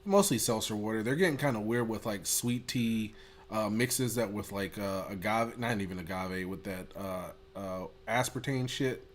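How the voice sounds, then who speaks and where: A man in a relaxed podcast conversation, co-hosting with an excitable, jokey delivery. He laughs often and swears casually as he talks. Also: on the low side, normal speed, slight background noise. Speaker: podcast co-host. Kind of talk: casual chat.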